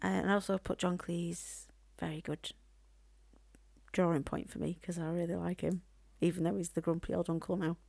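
A woman's voice: lowish voice, level tone, normal speed, vocal fry, mellow, slightly rough, dry recording. Playful woman podcast co-host. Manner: playful, gushing, slips into silly put-on voices. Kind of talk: casual film review chat.

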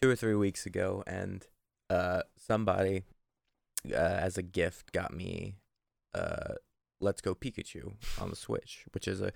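Gravelly young man in casual chat. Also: low-pitched, a little slow, no echo, clean studio sound. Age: young adult. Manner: rambling, animated storyteller who swears freely.

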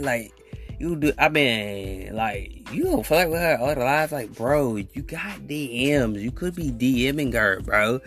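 A young man hosting a podcast, telling a rambling, animated story in casual slang and acting out what people said. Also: fairly high pitch. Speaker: podcast host.

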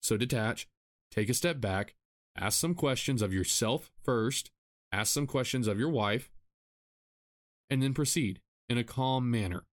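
A man hosting a solo podcast, talking earnestly in a repetitive, self-deprecating way and sounding tired after a rough week. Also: mid-range voice, unhurried. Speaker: podcast host. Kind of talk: solo podcast advice monologue.

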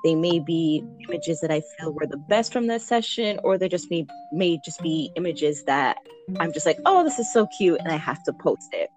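A woman's voice: low voice, moderate pace, over music. A woman newborn photographer chatting in an interview, laughing easily and acting out what people say. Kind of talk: casual interview chat.

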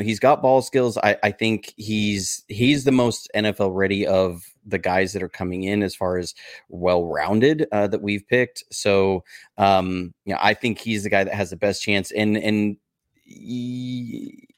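Low-voiced man, measured and hedging. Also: dry recording, clean studio sound. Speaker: podcast panelist. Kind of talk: casual panel chat.

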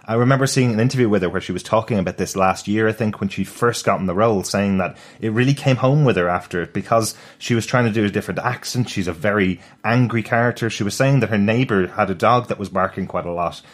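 Male podcast co-host, lowish voice, rapid enthusiastic chatter. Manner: enthusiastic, retells scenes. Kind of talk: casual chat reviewing a TV episode.

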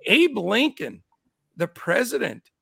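A man's voice: high-pitched, sing-song, slow pace, vocal fry, husky, no room sound, clean studio sound. A middle-aged man with a scratchy voice hosting a casual sports betting show, upbeat as he greets his chat. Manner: upbeat, shouts out chat names. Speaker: show host.

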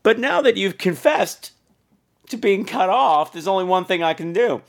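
A man's voice: expressive, normal speed, creaky, a little hiss or hum. Theatrical man with a swooping voice. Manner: theatrical, swoops between low mutters and high squeals. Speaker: podcast host reading voicemails. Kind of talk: casual chat.

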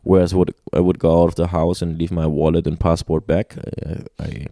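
A man's voice: low voice, a little fast, no echo, clean studio sound. A man telling travel stories in casual conversation, full of restarts, fillers and laughter. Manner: animated storyteller with many restarts and laughs.

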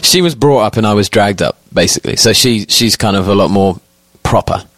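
Teasing London man, low dry voice. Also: brisk, a bit bright, dry recording. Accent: London, near Cockney. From London, England. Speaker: guest designer. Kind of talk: casual podcast chat.

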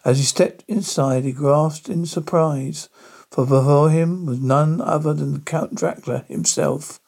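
A man reading a spooky story aloud in a halting manner, stumbling over words. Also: a little high, gravelly, a little mellow, husky. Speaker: narrator.

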